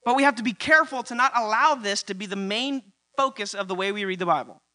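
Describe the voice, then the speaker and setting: A pastor delivers a sermon at a quick pace in a high, bright voice, repeating key lines and building to loud, emphatic peaks. A faint mains hum runs beneath the recording.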